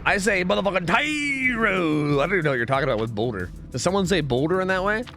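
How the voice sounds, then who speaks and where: Lively-voiced male streamer, rambling. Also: fairly high pitch, rapid-fire, faint music behind. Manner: rambling, swears, says dude a lot. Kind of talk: casual chat with chat while gaming.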